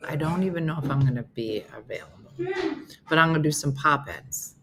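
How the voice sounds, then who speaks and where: With background noise audible, a New Jersey morning show host talks in a low, fairly quick voice. She keeps things casual and rambling, breaking into laughter frequently.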